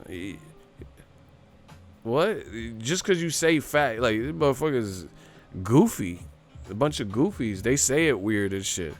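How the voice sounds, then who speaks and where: A man's voice: mid-range voice, lively intonation, normal speed, faint music behind. A man hosting a boxing livestream, ranting casually in a profane, mocking way and laughing often. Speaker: boxing show host.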